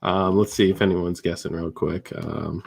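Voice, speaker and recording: A man's voice: low-pitched, fairly even intonation, normal speed, gravelly, darkish tone, a little hiss or hum. A man with a Boston accent hosting a casual live-stream chat, joking and rambling with frequent restarts. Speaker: host.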